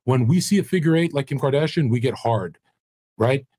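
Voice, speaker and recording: A man being brash, crude and mocking in loud podcast banter, on a studio mic. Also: mid-range voice, expressive, fairly quick, husky. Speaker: podcast guest co-host.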